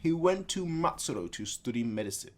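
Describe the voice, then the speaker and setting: An earnest, lecturing old retainer, worn down by regret, as a man reads him aloud. His pitch rises and falls freely as he pleads with a younger companion. It is a casual read-through of a comic. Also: sing-song, fairly quick, slight background noise. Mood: persuasive.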